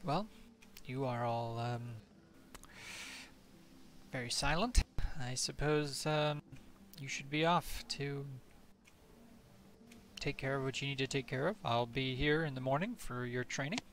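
A man voicing a tough woman who keeps griffins, blunt and wry, with a slow gravelly delivery. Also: medium pitch, a bit bright. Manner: blunt, wry, hesitant with fillers. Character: tough woman griffin keeper, dry humor.

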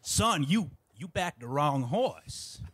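A man's voice: on the high side, sing-song, slow, a bit bright, a little hiss or hum, heavily acted. A man voicing a skeletal old male political strategist with a put-on Cajun drawl, folksy and menacing. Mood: teasing.

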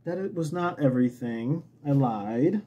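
A man's voice: mid-range voice, lively intonation, measured pace, husky, muffled recording. A man hosting a knitting show, talking casually in a chatty, rambling, self-mocking way. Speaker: knitting podcast host. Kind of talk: casual chat.

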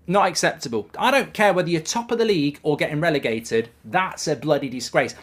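A woman's voice: sits low, expressive, fairly quick. A woman, a football fan streaming a live watchalong reaction, ranting furiously, swearing and repeating herself.

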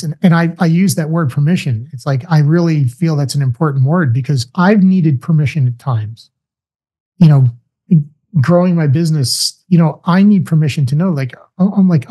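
A man guest on a podcast telling stories in a casual, animated way, acting out what people say. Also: fairly high pitch, breathy edge. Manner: animated storyteller, acts out quoted voices. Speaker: podcast guest, business founder. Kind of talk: casual interview talk.

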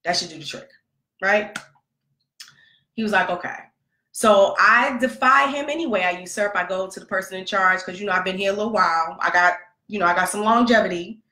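A woman's voice: mid-range voice, brisk. A woman telling a long personal story about her son, talking casually and acting out the dialogue. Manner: animated, conversational, acts out quoted dialogue. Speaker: podcast host, mother. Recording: roomy echo.

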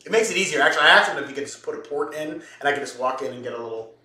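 A man's voice: fairly high pitch, animated, very fast, pushed and bright. A man hosting a home cooking show, joking and rambling with lots of fillers and restarts. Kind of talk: casual cooking show banter. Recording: roomy, from a distance.

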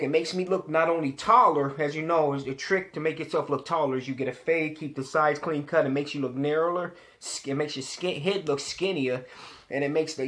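A young man telling a story to the camera in a casual, animated way, swearing and repeating himself when he gets worked up. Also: on the high side.

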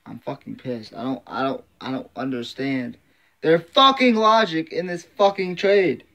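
This man's voice is fairly high, bright and forceful, expressive and unhurried. Venting as a sports fan vlogger, he rants in frustration, cursing nonstop and saying the same things over and over.

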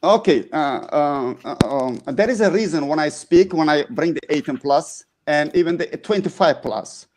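High-voiced man, halting fervent speech. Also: lively intonation, noisy background. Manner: halting, many fillers, non-native grammar; forceful, mocking. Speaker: guest speaker. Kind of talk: impassioned live-stream testimony.

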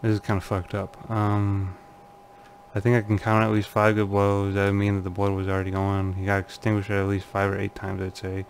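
Reading forum posts aloud, a man hosting a channel comments casually in a low, monotone voice, a little fast. He laughs nervously and mutters uneasily, and a faint hiss or hum is audible.

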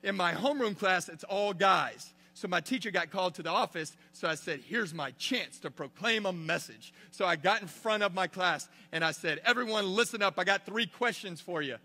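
Brief: man acting an eager, blunt young boy preacher, higher voice, reverberant hall. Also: moderate pace, pushed and bright. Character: eager seventh-grade boy, zealous and blunt.

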